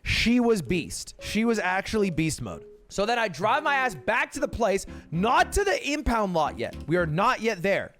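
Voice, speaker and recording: Brief: young guy ranting through a funny story, swears a lot, slightly high voice, faint music behind. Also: big pitch swings, moderate pace, few pauses, fairly bright tone. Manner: profane, exasperated, comic retelling. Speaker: streamer. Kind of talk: animated storytelling.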